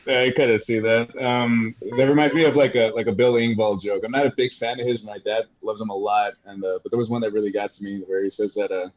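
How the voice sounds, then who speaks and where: A man's voice: fairly low pitch, steady tone, fast talker, hardly any pauses, highs cut off. A man, a guest on a podcast, talking in a rambling, casual way with laughs and many restarts.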